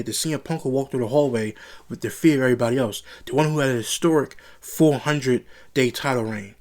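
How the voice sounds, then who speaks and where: A man giving a casual solo review of a wrestling show, blunt and opinionated, circling back to his complaints. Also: mid-range voice. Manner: blunt, opinionated and repetitive, frustrated rants.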